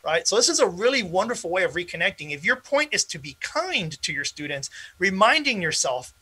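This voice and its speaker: A man's voice: high-pitched, big pitch swings, fairly quick, sharp tone, breathy edge. A man presenting an interactive online workshop to teachers over a video call, casual and encouraging with frequent fillers. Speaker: presenter at an educators' conference.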